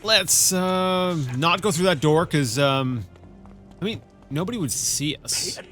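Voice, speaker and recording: A man's voice: on the high side, expressive, takes it slowly, a bit bright, faint music behind. A man hosting a let's play, chatting casually and playfully as he reads in-game texts aloud. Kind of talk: casual gameplay commentary.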